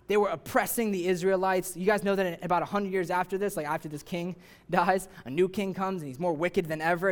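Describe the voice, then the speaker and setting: A young man gives a relaxed, conversational sermon in a fairly high voice. He fills his talk with casual asides and slips into animated voices to act out the people in his story. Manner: conversational, many "like" fillers, acts out voices with rising excitement. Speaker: youth preacher.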